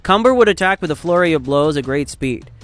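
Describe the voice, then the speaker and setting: A man narrating a fan story in a steady, dramatic storytelling style. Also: on the high side, brisk, faint music behind.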